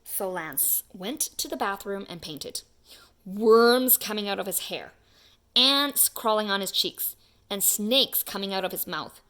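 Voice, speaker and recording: A woman reading a children's picture book aloud in an expressive, animated way. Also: medium pitch, unhurried. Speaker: children's story reader. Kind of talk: storybook read-aloud.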